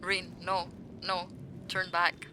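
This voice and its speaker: A woman's voice: fairly low pitch, monotone, takes it slowly, noisy background. A woman streaming a game, chatting with viewers in a playful, teasing way. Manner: playful, teasing, talks back to chat. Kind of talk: casual gaming stream chat.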